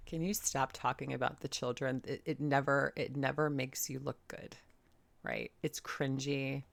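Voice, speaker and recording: A woman's voice: a bass voice, animated, measured pace, vocal fry. A woman hosting a reaction video, giving blunt, exasperated commentary and swearing casually. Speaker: commentary host.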